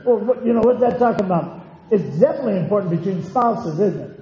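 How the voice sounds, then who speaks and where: A man's voice: high-pitched, fast talker. A man preaching a sermon as pastor in a church, folksy and conversational, telling homey stories. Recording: dull echoey hall recording.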